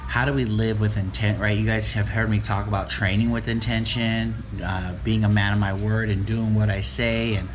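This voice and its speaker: A man's voice: fairly low pitch, little pitch movement, normal speed, few pauses, noisy background. A man talking casually and reflectively as a motivational vlogger, rambling and tagging his points with "right?". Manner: rambling, keeps asking "right?".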